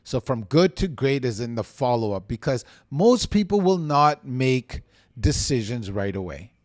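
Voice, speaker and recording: A man coaching on real estate sales in a motivational teaching monologue, energetic, emphatic and given to ranting. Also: mid-range voice, a little slow, no room sound, clean studio sound.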